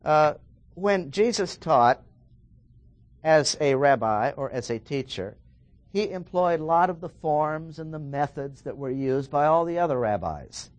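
Emphatic preacher man, very animated. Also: a little high, no room sound. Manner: emphatic, slows and stresses key words. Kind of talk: verse-by-verse sermon.

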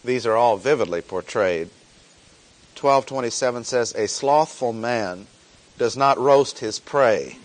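Slow, deliberate male Bible teacher. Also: mid-range voice. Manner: slow, deliberate, repeats key phrases for emphasis; reads scripture aloud, then explains it plainly. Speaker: preacher.

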